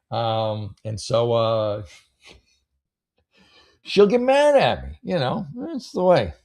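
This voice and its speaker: A man's voice: medium pitch, creaky. A man hosting a casual podcast, rambling through online posts and giving blunt advice, with many fillers and some swearing. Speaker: podcast host. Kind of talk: casual chat reading and advising on online posts.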